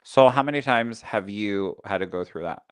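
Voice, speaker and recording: A man's voice: lowish voice, normal speed, clean tone, dry recording. A man who teaches as a psychic medium, talking casually on a podcast in a chatty teaching tone full of fillers.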